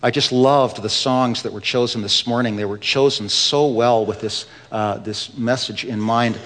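A man preaching a sermon as pastor, his voice climbing with passion and then dropping to a hushed tone. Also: medium pitch, normal speed, in a large hall.

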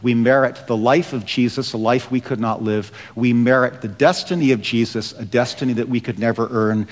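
A man preaching a sermon. He slows down and drops his voice low for emphasis. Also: fairly even intonation, big-room sound. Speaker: pastor.

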